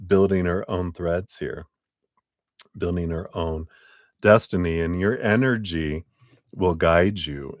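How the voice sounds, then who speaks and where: Deep-voiced guy doing a tarot reading on a live stream, easygoing and chatty, dry close sound. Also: no echo. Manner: relaxed, chatty, thanks donors, spiritual wording. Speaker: tarot reader. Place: home.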